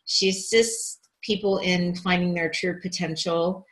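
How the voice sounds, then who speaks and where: A woman's voice: lowish voice, steady tone, a little slow, poor audio. Chatty woman host with many fillers. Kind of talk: casual online group chat.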